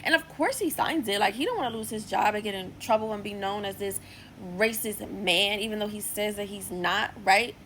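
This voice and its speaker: A young woman casually recapping a TV episode, chatty and full of "like" and lively asides. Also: medium pitch, normal speed, a little hiss or hum, poor audio. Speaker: TV series reviewer. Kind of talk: casual episode review vlog.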